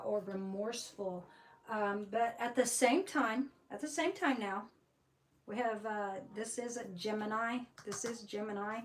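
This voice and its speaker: A woman's voice: mid-range voice, distant mic, slight background noise, low-quality recording. Rambling woman giving a tarot reading. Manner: rambling, many fillers and restarts. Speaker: tarot reader.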